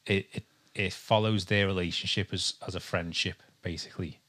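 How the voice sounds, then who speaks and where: A man's voice: low voice, fairly even intonation, moderate pace, sharp tone. A young man from England co-hosting a podcast in casual chat, rambling and hesitant with lots of ums. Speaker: podcast co-host.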